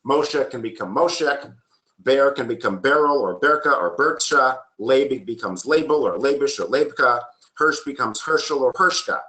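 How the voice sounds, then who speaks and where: A man's voice: mid-range voice, expressive, normal speed, sharp tone. A man presenting a genealogy workshop from slides, explaining steadily with frequent ums and the odd dry joke. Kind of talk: lecture with slides. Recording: roomy echo.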